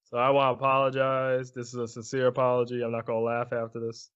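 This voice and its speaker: A man's voice: medium pitch, completely flat delivery, quick pace, a bit bright, clean tone, muffled recording. A man co-hosting a podcast in casual chat, earnestly steering the topics. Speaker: podcast co-host.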